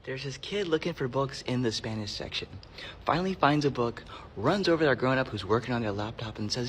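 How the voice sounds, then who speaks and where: A man who works as a librarian tells heartfelt stories in a sincere, even voice of middling pitch. At times he sinks to a near whisper. A faint noise floor sits under the recording. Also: fairly quick. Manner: earnest, heartfelt, sometimes drops to a whisper. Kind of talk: storytelling monologue.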